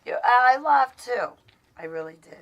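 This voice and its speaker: A woman's voice: fairly high pitch, expressive, a little slow, lo-fi sound. A woman hosting a livestream, chatting casually and laughing along with her guest. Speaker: livestream host. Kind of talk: casual chat.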